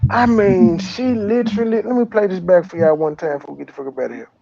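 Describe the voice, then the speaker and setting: Gravelly, ranting male commentator. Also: sits high, fast talker, warm tone, no room sound, lo-fi sound. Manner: profane, ranting, taunting. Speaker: host. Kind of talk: reaction commentary.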